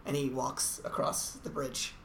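A woman's voice: rumbling low, little pitch movement, a little slow, gravelly. A woman co-hosting a casual chat, retelling TV plot details in a dry, matter-of-fact way. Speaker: podcast co-host. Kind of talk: casual chat recapping a TV episode. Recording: echoey room, faint noise.

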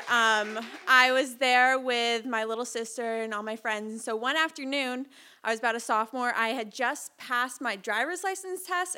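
Young woman, from Massachusetts, fairly high voice, live storytelling, breathless, animated, lots of fillers. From Massachusetts, Cape Cod. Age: young adult. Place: small hall before a live audience.

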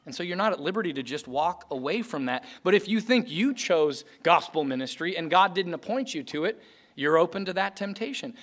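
A man's voice: high-pitched, lively intonation, a little fast, a bit bright. Man preaching an emphatic sermon. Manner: earnest, emphatic preaching with repeated restarts. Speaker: pastor. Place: church sanctuary.

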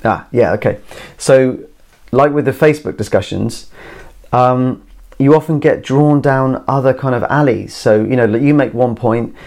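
A man's voice: medium pitch, moderate pace, darkish tone. A man recording himself in a garden shed, talking his way through ideas in a meandering, casual monologue full of "you know" and "like". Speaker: solo podcast host. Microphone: camera mic.

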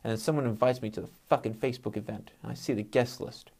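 A man's voice: mid-range voice, steady tone, quick pace, darkish tone. Man, solo casual monologue, frank, heavy swearing, worked-up, venting. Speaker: podcast host.

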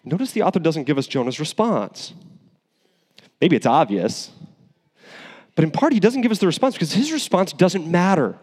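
Pastor preaching, high voice that bounces all over, lots of asides, echoey hall sound. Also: male voice, moderate pace, pauses often, breathy edge. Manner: animated and conversational, with asides, restarts and chuckles. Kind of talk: sermon.

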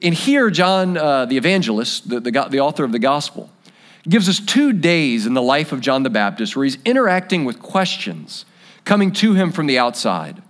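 A man delivers a sermon from the pulpit, earnest and reflective. His voice sits a little higher than usual for a man, and he lets the weightiest lines sink soft and low. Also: very animated, moderate pace. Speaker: pastor.

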